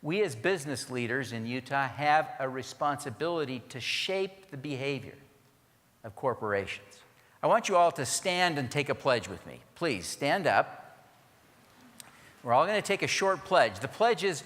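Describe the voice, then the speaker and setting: A man's voice: a little high, expressive, unhurried, fairly bright tone. A man giving a conference keynote, earnest and rousing as he leads the audience in a pledge. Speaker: keynote speaker. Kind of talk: conference speech. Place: large conference hall. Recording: reverberant conference hall.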